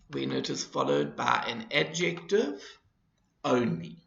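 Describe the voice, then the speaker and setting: A man with a gravelly voice teaches a grammar lesson at an unhurried pace, stressing each example. His pitch rises and falls a lot as he explains. The recording sounds dull and roomy. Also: wildly swooping pitch, a bit bright. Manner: slow, deliberate explanation with repeated examples. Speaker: English teacher.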